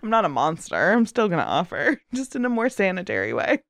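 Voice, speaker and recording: Woman co-host, casual podcast chat, lots of laughter, lively swooping voice, dry close mic. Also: fairly low pitch, brisk, vocal fry, no room sound. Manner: laughs often, animated storytelling.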